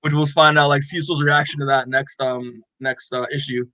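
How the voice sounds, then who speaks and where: A man's voice: medium pitch, flat delivery, normal speed, sharp tone, dry recording, low-quality recording. A man co-hosting a podcast, casually recapping a comic with lots of "like" and acted-out dialogue. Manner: rambling, full of "like" and quoted dialogue. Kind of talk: casual chat.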